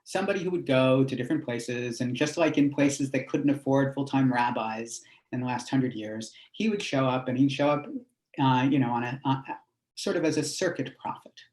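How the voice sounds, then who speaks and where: A man's voice: medium pitch, moderate pace, darkish tone. A man, a rabbi, telling a teaching story in a conversational way with fillers and asides. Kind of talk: storytelling lesson.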